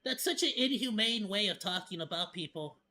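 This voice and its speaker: Bright-voiced joking male streamer. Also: high voice, expressive, brisk, slight background noise. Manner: joking, laughs often, stammering restarts. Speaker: streamer reacting to a video. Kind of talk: casual reaction chat.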